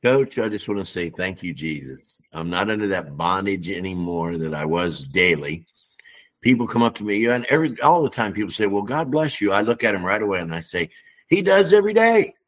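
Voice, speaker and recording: A man's voice: sits low, expressive, a little fast, fairly bright tone. A man calling in to give an earnest, emphatic testimony. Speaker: caller. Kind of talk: spoken testimony.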